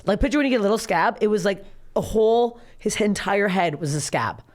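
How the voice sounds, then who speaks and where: Woman podcast host, super animated pitch, crude quick jokes, laughs a lot. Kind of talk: casual comedy podcast chat.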